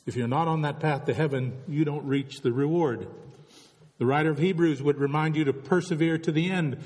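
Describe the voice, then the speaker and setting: A man's voice: on the high side, a little fast, a little mellow. Man preaching a reflective sermon in a hall. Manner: reflective, asks many rhetorical questions. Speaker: pastor.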